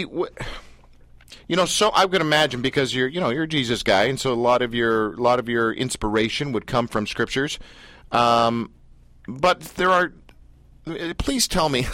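Joking, animated radio host man. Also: mid-range voice, normal speed, dry recording. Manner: joking, animated, rambling questions. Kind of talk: casual interview chat.

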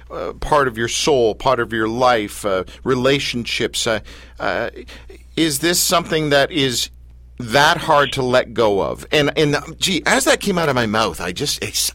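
A man's voice: medium pitch, fairly bright tone, no room sound. Probing male radio host, dry sound. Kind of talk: radio interview.

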